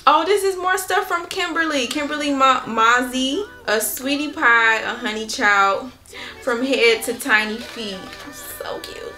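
Young woman, excitable vlog chat, crisp bright tone, fairly high voice, soft music behind. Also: a little slow. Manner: gushing, excitable, Southern US casual speech. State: pregnant. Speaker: family vlogger opening baby shower gifts.

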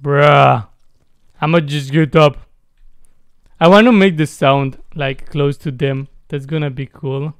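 A young man giving casual, slangy gameplay commentary, often bursting into loud, high exclamations. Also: steady tone, takes it slowly, clean tone, no room sound, studio quality. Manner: playful slangy talk. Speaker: gamer.

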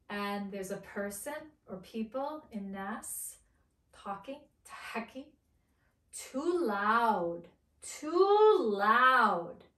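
A woman teaching English vocabulary in a playful way, acting out each feeling as she goes. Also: a little high. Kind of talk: animated vocabulary lesson. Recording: echoey room, mic at a distance.

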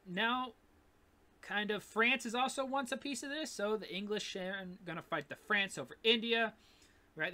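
A man teaches a recorded history lesson in a casual, rambling, repetitive way, packed with fillers, "gonna," and "right?" checks. His voice sits high, bright, and forceful.

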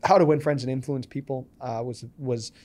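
Guy on a podcast telling stories, mid pitch, acts out the dialogue. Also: moderate pace. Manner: animated storyteller acting out quoted dialogue. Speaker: podcast guest. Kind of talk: storytelling interview.

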